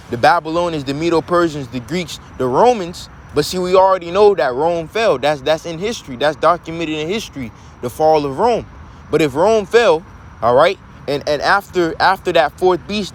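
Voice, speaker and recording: A man's voice: on the high side, slight background noise. A man teaching from scripture in a preaching manner who keeps asking rhetorical questions.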